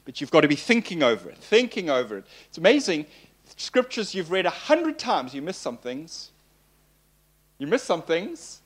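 Animated preacher, man. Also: fairly high pitch, normal speed, slightly rough. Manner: animated, playful, repeats phrases for emphasis. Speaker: pastor. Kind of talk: sermon teaching.

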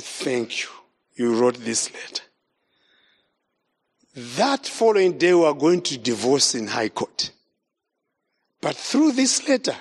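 A high-pitched man preaches at a slow, deliberate pace and weaves his own story into the sermon. He repeats his key phrases and throws questions out to the congregation. His voice carries a long reverb, as if he is speaking in a big hall. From Zimbabwe. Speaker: evangelist preacher.

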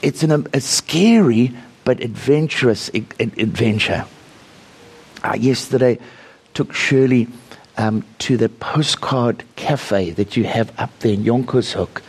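A man preaches with a gravelly, husky voice, telling a story and breaking into fervent prayer. His pitch sits in an ordinary middle range. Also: measured pace. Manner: storytelling, prays aloud with rising fervor. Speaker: visiting preacher. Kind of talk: sermon.

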